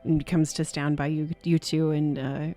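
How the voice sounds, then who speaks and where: Woman gm narrating a tabletop game, chatty, keeps correcting herself, lowish voice, bit of music behind. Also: little pitch movement, normal speed, dark tone. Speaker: game master.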